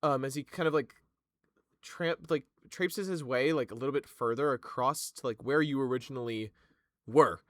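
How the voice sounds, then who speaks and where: A man's voice: mid-range voice, moderate pace, no echo, clean studio sound. A man narrating a tabletop game as game master, loose and profane, with frequent laughs.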